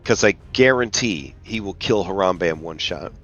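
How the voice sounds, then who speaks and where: Man, game master, low voice, rambling and casual, muffled lo-fi sound, faint background music. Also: lively intonation, moderate pace, fairly bright tone. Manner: rambling, casual, full of fillers. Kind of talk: narrating a tabletop game.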